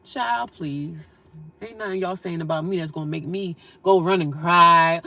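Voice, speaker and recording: Blunt, bright-voiced woman live-streaming. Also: on the low side, moderate pace, no echo. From United States. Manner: blunt, scolding trolls, sarcastic. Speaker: livestreamer reading viewer comments. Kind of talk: casual live-stream chat.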